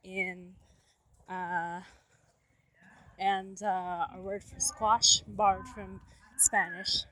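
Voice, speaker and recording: A woman's voice: medium pitch, level tone, extremely slow, background noise. A woman with a Filipino English accent, a native Ilocano speaker, explaining language ideas out of breath while walking outdoors. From Philippines. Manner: thinks aloud, explaining step by step. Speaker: vlogger on language. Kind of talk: explanatory casual talk.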